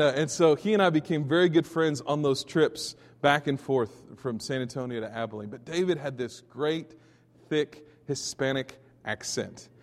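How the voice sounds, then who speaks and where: A man from Texas preaching a Sunday sermon in a somewhat high voice. He tells stories with many restarts and jumps to sudden loud peaks. His voice rings with the long reverb of a church hall. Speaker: pastor.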